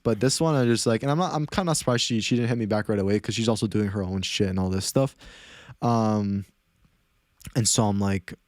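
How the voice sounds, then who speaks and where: This podcast host, medium-pitched, races through a story in a relaxed chat, stumbling over restarts and leaning on lots of fillers. The recording is dry and studio quality.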